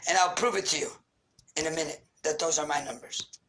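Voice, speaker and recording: A man's voice: on the high side, a little fast, sharp tone, low-quality recording. A man rants into the camera, angry and accusatory. He fires off grievances and insults in a raw, unscripted monologue. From Queens, New York. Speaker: vlogger. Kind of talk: ranting monologue.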